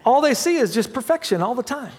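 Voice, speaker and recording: Lively high-voiced preacher in a reverberant hall. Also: male voice, fast talker, slightly rough. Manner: dramatic swings from loud to hushed prayer; humorous storytelling with laughs. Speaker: pastor. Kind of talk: sermon. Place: church sanctuary.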